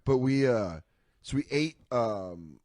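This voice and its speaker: A man's voice: medium pitch, animated, slow, a little mellow, no room sound. A man in loose, casual chat, telling a profane story with lots of energy and acting out everyone's voices. His voice sits in an ordinary middle range. The recording is dry and close. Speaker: comedian telling stories.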